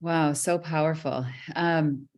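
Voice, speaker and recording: An interviewer who asks questions gently and offers frequent short affirmations. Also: medium pitch, fairly even intonation, slow pace. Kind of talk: conversational interview.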